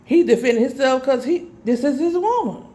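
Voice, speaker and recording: In a high-pitched voice and at a slightly fast pace, a woman tells a personal story, chatting casually and addressing listeners as "y'all." Her retelling is animated, sprinkled with dramatic asides.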